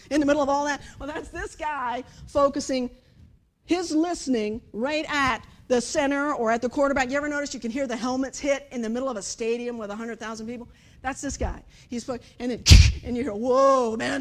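A woman preaching a sermon in an animated storytelling way, moving from hushed to loud and acting out voices. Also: sits high. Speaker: pastor.

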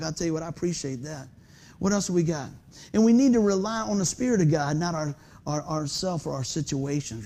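A man, preaching a sermon in a church in a folksy, animated way and asking the crowd questions. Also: high-pitched, breathy edge. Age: 50s. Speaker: pastor. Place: church sanctuary under stage lights.

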